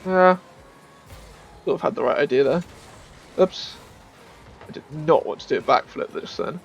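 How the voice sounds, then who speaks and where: A man giving casual gameplay commentary as a streamer, chatty and self-mocking, with bursts of excited shouting. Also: fairly high pitch, moderate pace, creaky, muffled recording, faint music behind.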